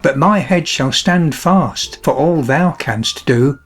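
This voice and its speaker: A man voicing a cheerful, fearless young scholar in a fairy tale, speaking briskly and calmly. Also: fairly high pitch, faint music behind. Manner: bright, brisk and calm.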